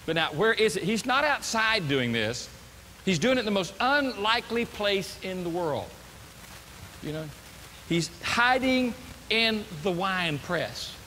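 A man preaching a sermon as pastor, animated and acting out the voices of the people he quotes, in a church sanctuary. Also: high voice, measured pace, in a large hall, a little hiss or hum.

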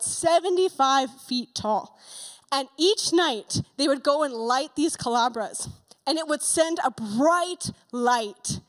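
A woman pastor preaching a sermon, retelling a story vividly with excited asides. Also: sits high, in a large hall, poor audio. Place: church sanctuary.

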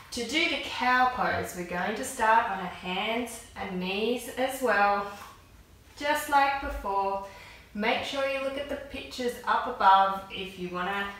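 A woman's voice: a little high, unhurried, bright, forceful tone. A woman therapist leading children through yoga poses in an encouraging, lilting way, calling out each move. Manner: encouraging, lilting, calls out moves and animal sounds. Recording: very echoey room, voice from a distance.

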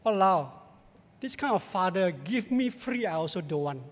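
A man's voice: high-pitched, expressive, moderate pace. A man playing an obedient child who scoffs in Singaporean slang with a Singaporean accent. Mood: scoffing. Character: scornful obedient child, Singlish-speaking. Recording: long church hall reverb.

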